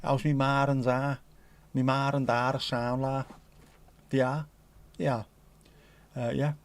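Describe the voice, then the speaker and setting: Slow, smooth and level in tone, this mid-range male voice belongs to a casual livestream host. He reads viewer messages aloud and rambles with jokes, swearing and plenty of British slang.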